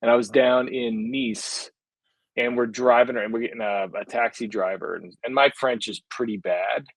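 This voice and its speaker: A young man from Canada chats as a podcast guest, rambling and animated, restarting his sentences as he tells stories. His voice sits at a medium pitch. The sound is dry and close, with no room around it. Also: normal speed, vocal fry, no room sound, rough recording. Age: young adult. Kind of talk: casual chat.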